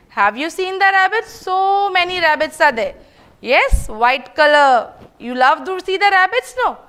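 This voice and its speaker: Slow sing-song Indian English teacher woman. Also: extremely high pitch, bright, forceful tone. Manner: slow, sing-song, coaxing, answers her own questions. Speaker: kindergarten teacher. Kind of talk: online class lesson for young children.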